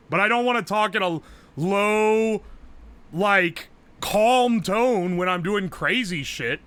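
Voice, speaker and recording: A man streaming live, chatting casually, loud and profane, yelling nearly every phrase. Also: high-pitched, takes it slowly, clear, resonant tone. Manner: brash and profane. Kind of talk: casual livestream chat.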